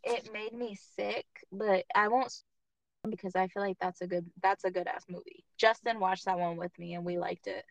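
A woman's voice: medium pitch, steady tone, moderate pace, creaky, no room sound. A young woman co-hosting a podcast, casually venting about a movie with many fillers. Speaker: podcast co-host. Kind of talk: casual chat.

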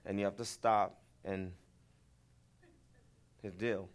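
A man's voice: low-pitched, steady tone, slow, pauses often. A man, a pastor preaching in a conversational style and turning to the congregation with folksy, rambling asides. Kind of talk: conversational sermon. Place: church.

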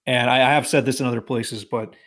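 A man's voice: medium pitch, quick pace. A man from Massachusetts telling a long work story on a casual podcast, swearing freely and acting out what people said. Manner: animated, profane, quotes people in put-on voices.

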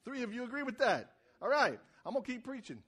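A high-voiced man preaching a sermon to a congregation. He talks in an easy, conversational way and repeats words as he starts phrases. He climbs to loud, shouted emphasis. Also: sing-song, quick pace, husky. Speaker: pastor.

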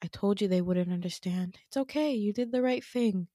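A woman's voice: mid-range voice, moderate pace, warm tone, no echo, studio quality, lightly acted. A woman voicing a male villain scientist who soothes in a patronizing tone. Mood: falsely soothing.

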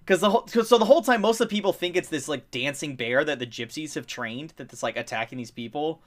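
A young man chatting casually as a podcast co-host, rambling with lots of fillers, getting excited and swearing freely. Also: a little high, fast. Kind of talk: casual chat.

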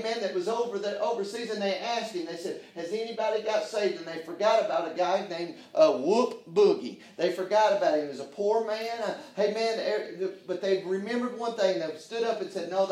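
Male preacher, high voice, soft to shouting, echoey room, distant mic. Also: expressive, moderate pace, hardly any pauses. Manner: preaching with big swings in volume, from hushed to shouting; fillers like "hey, man" and "uh". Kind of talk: sermon.

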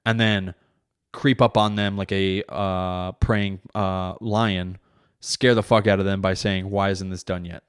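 A man hosting his own comedy podcast with a lowish voice. He rambles through a story about his kids, swearing freely and correcting himself as he goes. He keeps a casual, unscripted tone throughout. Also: level tone, takes it slowly, clean tone. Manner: profane, rambling, self-correcting. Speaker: father.

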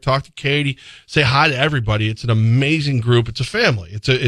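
A man's voice: medium pitch, fairly bright tone, dry recording. A man co-hosting a sports radio show, chatting casually and rambling through a live ad read, laughing easily. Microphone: studio microphone.

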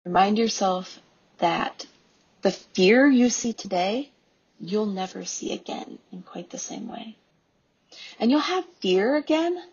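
A woman in her thirties, a homeschooling mom and podcast host, giving an earnest devotional talk with soft pauses. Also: mid-range voice, breathy edge, dull audio.

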